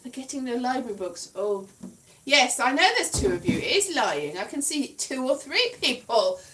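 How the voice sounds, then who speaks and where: A woman's voice: high voice, sing-song, moderate pace, reverberant, recorded from a distance, background noise. A woman from Wales chatting casually on a livestream, rambling and poking fun at herself with frequent giggles. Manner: rambling, self-mocking, giggly. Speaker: comedian.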